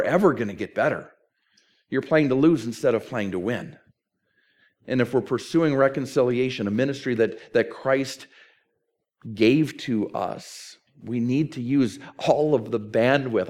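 A man's voice: mid-range voice, a little mellow. A middle-aged male pastor delivering a conversational sermon with emphatic, repeated phrasing.

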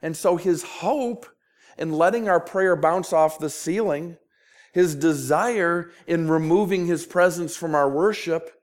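A man's voice: a little high, unhurried. A man with a Minnesota accent preaching a sermon, earnest and pleading, often repeating words as he presses his point. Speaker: pastor.

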